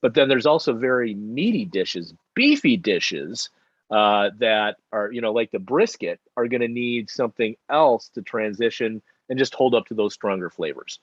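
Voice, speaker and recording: Relaxed male wine co-host, mid voice, slightly dull dry webcam sound. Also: medium pitch, normal speed, dry recording. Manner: relaxed, rambling, many fillers. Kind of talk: live online wine tasting chat.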